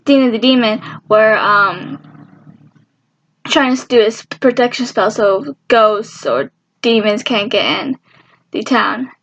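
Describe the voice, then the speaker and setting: A young woman excitedly recapping a TV show in casual, rambling talk, getting emotional and squealing at moments. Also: fairly high pitch, slow pace, lo-fi sound. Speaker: fan vlogger.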